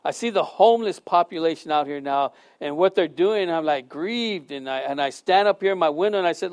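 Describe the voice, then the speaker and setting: High-voiced pastor, animated and emphatic. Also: male voice, a little fast, few pauses. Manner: animated, storytelling with sudden loud and soft swings; emphatic, repeats phrases for effect. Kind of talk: conversational sermon.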